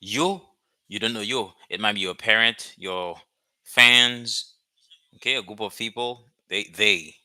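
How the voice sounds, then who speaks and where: A man teaching a language lesson, repeating phrases slowly and checking in with "okay?" after each point. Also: lowish voice, bright, forceful tone, no room sound. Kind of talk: slow explanatory lesson.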